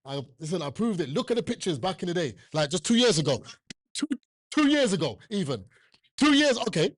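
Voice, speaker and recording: A man's voice: high-pitched, sing-song, a little fast. A man preaching a sermon, emphatic and repetitive, joking with the congregation and often asking them questions. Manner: asks the listeners questions often.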